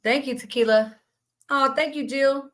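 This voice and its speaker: A woman hosting a livestream, chatting casually with her viewers in a rambling, laughing way, her voice still a little rough from being sick. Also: sits high, steady tone, measured pace, low-quality recording. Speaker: livestream host.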